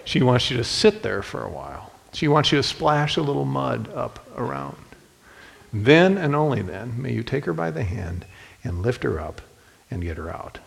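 A man's voice: medium pitch, animated, moderate pace, vocal fry, long reverb tail. A man preaching a sermon in a folksy storytelling manner, speaking directly to the men in the congregation. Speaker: pastor.

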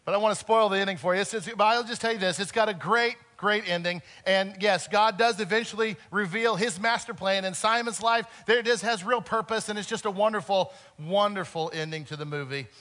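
A man preaching a sermon earnestly, swinging between loud emphasis and soft, quiet moments. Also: sits high, a little fast, hardly any pauses. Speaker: pastor.

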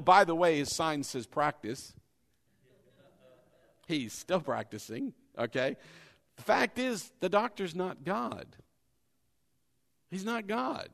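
A man preaching with a lively, swooping delivery that rises high and drops low as he drives his points home. He is a pastor leading his congregation in repeating scripture after him. His voice sits a bit above the usual pitch for a man. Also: slow pace, vocal fry, long pauses. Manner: animated preaching, leads call-and-response with the congregation; acts out hesitant and doubting voices in a low mumble. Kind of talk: sermon.

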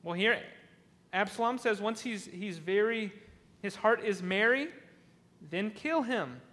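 Guy preaching in a big echoey hall, bright ringing voice, retells the story and keeps restarting words. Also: sits high, measured pace. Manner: retells scripture, acting out the lines with restarts and repeated words. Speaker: pastor. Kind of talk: sermon.

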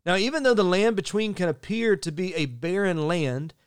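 A man preaching a sermon as pastor, earnest and measured, slowing down to stress key phrases. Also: sits high, smooth, no room sound, clean studio sound.

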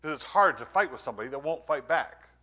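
A pastor preaches a sermon in a voice on the high side, animated and quick. He's earnest, shifting between emphatic points and hushed, quiet lines.

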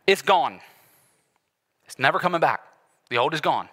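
A man preaching a sermon, walking the congregation through a passage in an animated, conversational way with sudden loud bursts. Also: fairly high pitch, moderate pace. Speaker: pastor. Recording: long hall reverb.

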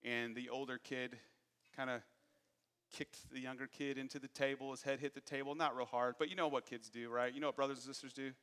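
A man's voice: mid-range voice, little pitch movement, fairly quick, fairly bright tone, clear, resonant tone, big-room sound. A man in his thirties preaching a sermon, candid and self-deprecating as he tells stories from his own life. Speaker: pastor.

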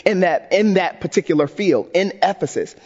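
A male pastor preaching a sermon, telling an animated story with self-deprecating humor in a church. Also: sits high, moderate pace, long reverb tail, highs cut off.

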